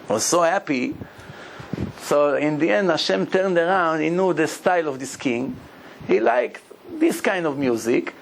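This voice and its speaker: A man's voice: a little high, creaky, slight background noise, poor audio. A man, a rabbi telling stories in a sermon, acting out the people in them and laughing often. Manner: animated storyteller, acts out the people in his stories, laughs often. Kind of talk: sermon storytelling.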